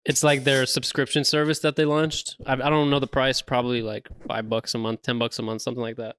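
A man's voice: mid-range voice, flat delivery, brisk, a bit bright, clean tone. A man co-hosting a podcast, talking casually, blunt and opinionated, swearing freely. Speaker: podcast co-host. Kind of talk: casual chat.

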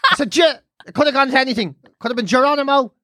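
A woman's voice: high-pitched, rapid-fire, sharp tone, no echo. Irish woman, casual chat, storytelling, swearing, dry close mic. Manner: swearing, storytelling with put-on voices.

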